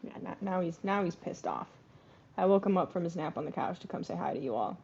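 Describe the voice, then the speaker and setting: A woman's voice: lowish voice, lively intonation, fairly quick, creaky, a little mellow, lo-fi sound, a little hiss or hum. A woman hosting a casual live stream, chatting and coaxing her pets in between bits of play-by-play.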